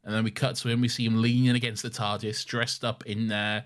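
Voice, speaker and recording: A man's voice: medium pitch, little pitch movement, normal speed, few pauses. A young man co-hosting a fan podcast in casual chat, rambling with lots of ums as he hunts for his notes. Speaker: podcast co-host.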